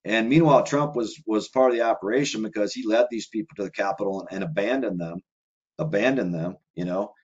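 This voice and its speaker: Low-voiced man, rambling and conversational. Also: brisk, darkish tone, husky, lo-fi sound. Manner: rambling, run-on delivery with many filler words. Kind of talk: casual conversational monologue.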